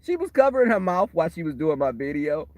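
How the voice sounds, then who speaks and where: A man with a strikingly high voice chats casually to his viewers on a phone livestream while waiting outdoors or in transit for a shuttle. He talks fast, spinning animated, meandering stories and laughing often. The recording has no room sound.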